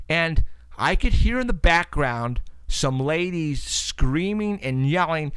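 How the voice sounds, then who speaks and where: A man's voice: a little high, sing-song, a little slow, fairly bright tone, smooth, no room sound. A man hosting a paranormal talk show, telling a long story in a rambling way, repeating words and laughing often.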